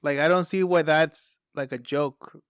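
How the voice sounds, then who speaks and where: A man's voice: on the high side, fairly even intonation, a little slow, clean tone, no room sound, clean studio sound. A man joking as a guest in a casual movie review chat, with teasing quips. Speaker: podcast guest.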